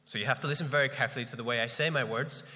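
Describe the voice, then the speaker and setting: Bright-voiced preacher with a head cold. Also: male voice, medium pitch, racing. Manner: chatty, self-deprecating, with many fillers. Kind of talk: sermon. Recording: long reverb of a large hall.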